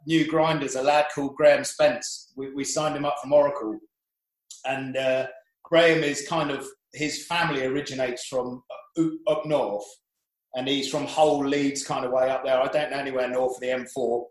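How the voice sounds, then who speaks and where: Sailor with a roomy echo. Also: male voice, mid-range voice, level tone, normal speed. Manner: rambling, anecdotal, with frequent restarts. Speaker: professional sailor guest. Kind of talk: casual podcast chat.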